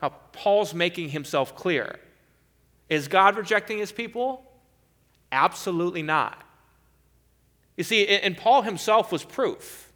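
Bright-voiced man preaching earnestly. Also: high voice. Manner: earnest, emphatic expository preaching. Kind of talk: sermon.

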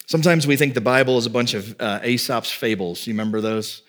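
A male pastor delivering a sermon in an easy, conversational way, leaning into key lines and then tossing off wry little asides. His voice sits at an ordinary male pitch, neither deep nor high. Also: a bit bright. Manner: conversational preaching with quick asides.

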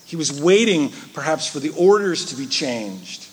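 A man preaching a sermon, swinging between loud emphasis and hushed, soft asides. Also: fairly high pitch, very animated, normal speed, slight background noise. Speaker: pastor.

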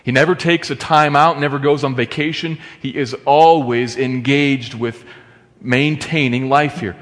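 Man, pastor, sermon, emphatic, loud-then-hushed delivery, middle pitch, long reverb of a big hall. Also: fairly even intonation, measured pace. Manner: emphatic preaching, swinging between loud stresses and hushed asides.

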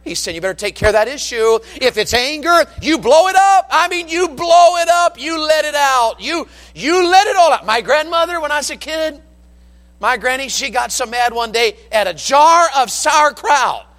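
A man preaching a sermon from the pulpit, telling folksy stories in an animated, down-home way. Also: very high-pitched, moderate pace, in a large hall. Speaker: pastor. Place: church sanctuary with long reverb. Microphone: pulpit microphone.

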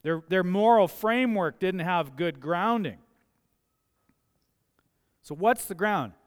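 A man preaches from the pulpit, talking in a chatty way and leaning into his key points. His voice sits high and is clear and smooth. The church livestream carries a long, ringing hall reverb. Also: slow. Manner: conversational, anecdotal preaching with rising emphasis. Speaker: pastor. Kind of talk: sermon. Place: church sanctuary.

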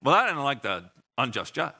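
A man's voice: medium pitch, sing-song, a little fast, sharp tone. A man preaching a sermon in a conversational way, asking the congregation questions and acting out short voices. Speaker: pastor.

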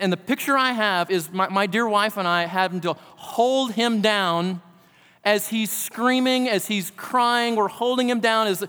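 A man's voice: sits high, pushed and bright, smooth. A middle-aged pastor preaching a sermon, earnest and asking his listeners direct questions. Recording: long reverb of a large hall.

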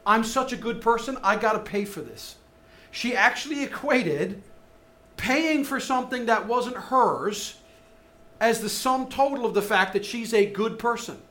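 A man preaching a sermon, moving between soft, hushed lines and loud, rising emphasis. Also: very high-pitched, expressive, measured pace. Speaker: pastor.

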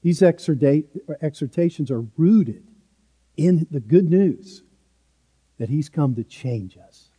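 A man's voice: on the high side, animated, slow pace, mellow, breathy edge, big-room sound. A man preaching a sermon as pastor, earnest and emphatic, driving points home with repeated short phrases.

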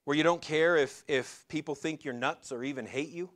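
Higher-voiced male pastor preaching conversationally. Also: a bit bright. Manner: conversational preaching with rhetorical questions and slowed emphatic lines. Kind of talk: sermon.

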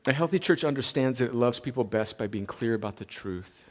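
A man, preaching a sermon as a pastor. He builds to emphatic peaks and then drops into quieter, conversational asides. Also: medium pitch, animated, a little fast. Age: 40s. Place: church sanctuary.

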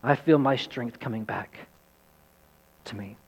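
Man doing a calm solemn great lion, low hushed voice, storybook reading, long reverb. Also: measured pace, gravelly, husky.

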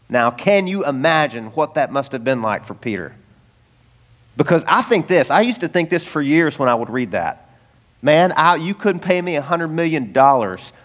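Man preaching an earnest sermon. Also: on the high side. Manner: earnest, conversational preaching with frequent asides to the congregation. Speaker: pastor.

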